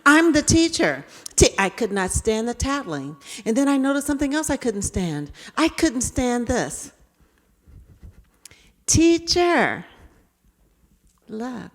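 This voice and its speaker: A woman speaker telling stories to an audience in an animated way, acting out scenes. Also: a little high, normal speed, hardly any pauses. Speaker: keynote speaker. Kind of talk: storytelling talk to an audience. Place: event hall. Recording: reverberant hall.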